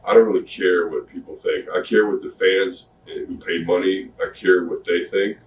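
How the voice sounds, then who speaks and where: A man's voice: low voice, moderate pace, a little hiss or hum. A middle-aged man, a retired pro wrestler, telling stories in a candid sit-down interview, acting out what people said. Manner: drawling, animated retelling with acted-out quotes. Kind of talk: shoot interview, candid storytelling. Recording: roomy, distant mic with faint ambience.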